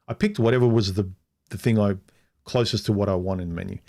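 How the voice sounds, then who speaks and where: This vlogger, a middle-aged man, has a low, dark voice with vocal fry and talks at a quick pace. Telling a personal story on a casual livestream, he rambles frankly, restarts his sentences often, and acts out what others said.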